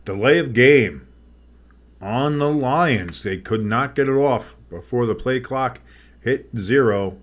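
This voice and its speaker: The audio has its highs cut off, and the man speaks slowly at a medium pitch. He is a play-by-play host on a live sports stream, calling plays and wandering into jokes and casual talk.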